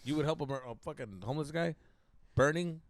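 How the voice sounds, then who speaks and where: A man's voice: on the high side, fairly quick, dry recording. A young man co-hosting a casual podcast, telling crude, jokey stories and dropping in Spanish words. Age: young adult. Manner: loud, crude, jokey storyteller who mixes in Spanish words. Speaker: podcast co-host. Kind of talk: casual chat.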